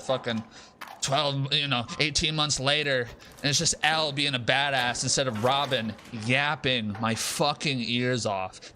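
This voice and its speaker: A young man streaming a game, talking in a casual, profane, animated rant and repeating himself for emphasis. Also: medium pitch, unhurried, noisy background. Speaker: gaming streamer. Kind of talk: casual live-stream rant while gaming.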